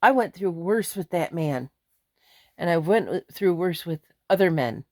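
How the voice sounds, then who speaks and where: A woman's voice: fairly low pitch, lively intonation, measured pace, no echo, clean studio sound. A middle-aged woman venting angrily in a vlog, blunt and emphatic. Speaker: vlogger. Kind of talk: angry ranting vlog.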